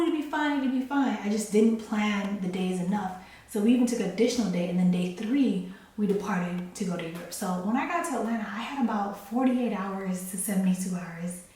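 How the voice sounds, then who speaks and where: A young adult woman tells a personal story straight to camera in a chatty, heartfelt way, laughing now and then. Her voice sits at a middling pitch. The sound is very echoey and a little distant, as if the mic is away from her in a bare room. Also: darkish tone. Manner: chatty, emotional, laughs often. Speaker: vlogger.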